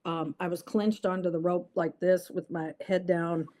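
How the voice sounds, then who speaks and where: A woman's voice: lowish voice, flat delivery, normal speed, dark tone. A woman guest in an interview, telling a personal story earnestly and vividly, with many fillers.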